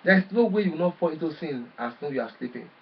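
A man preaching a sermon forcefully, swinging between loud bursts and quiet drops. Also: on the high side, animated, rapid-fire, far from the mic, dull audio, slight background noise.

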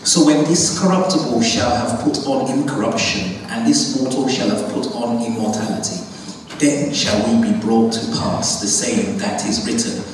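A man reading scripture aloud at a funeral, solemn and measured, lifting his voice on the key lines. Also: mid-range voice. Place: large church hall. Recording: echoey church hall, far from the mic, faint hiss.

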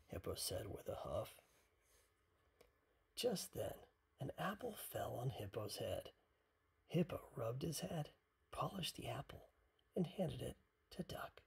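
Breathy, whispery bedtime story reader. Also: medium pitch, very animated. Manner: soft, half-whispered, unhurried. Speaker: parent reading to a child.

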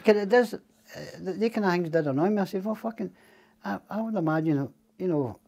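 A man's voice: high voice, a little fast, creaky, dark tone. A Scottish man telling long stories as a podcast guest, rambling and swearing freely. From Scotland. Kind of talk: casual storytelling chat.

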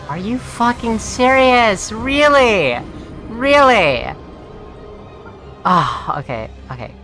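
A woman streamer swearing and commenting on her own play, talking to viewers and shrieking when she dies. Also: rumbling low. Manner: profane, exasperated, talks to viewers; shouts and shrieks when dying. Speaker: streamer playing a video game. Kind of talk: gaming commentary. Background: game music.

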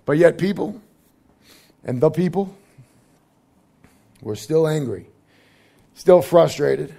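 High gravelly-voiced man preaching. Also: animated, slow, dark tone. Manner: conversational preaching with jokes and asides. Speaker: pastor. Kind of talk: sermon.

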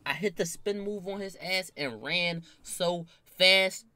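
A young man casually telling a wild story from his own life, animated and full of slang and swearing. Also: sits high, slow, no echo. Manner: animated, slangy, swears a lot, bursts into loud laughing shouts.

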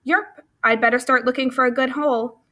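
A woman voicing a laid-back frog who talks in a drawling croak. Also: high voice, steady tone, brisk, fairly bright tone. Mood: lazy.

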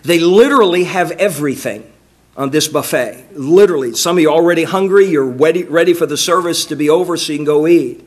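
A man's voice: on the high side, brisk. A man pastor preaching a sermon, reading scripture and crying out quoted lines with rising fervor. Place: church sanctuary.

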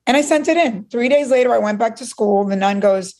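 A middle-aged woman from Cuba, a guest in an interview, telling a personal story in an animated way and acting out what others said. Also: a little high, a little fast, vocal fry, hardly any pauses.

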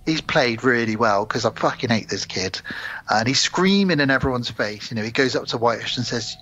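Husky, bright-voiced podcast host. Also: male voice, medium pitch, brisk. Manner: rambling plot recap with swearing and fillers. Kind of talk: casual film review chat.

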